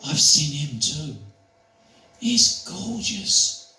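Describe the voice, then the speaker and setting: A man voicing a frail, nearly blind elderly woman in a high, fluting, cooing voice. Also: very animated, very slow, sharp tone, exaggerated voice. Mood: chatty, doting. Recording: echoey room, distant mic, faint noise.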